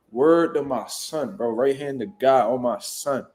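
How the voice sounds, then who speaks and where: A man, a boxing trainer, telling a story in casual, profane, animated talk and loudly acting out what people said. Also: mid-range voice, measured pace. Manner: profane, animated, jumps into loud acted-out quotes.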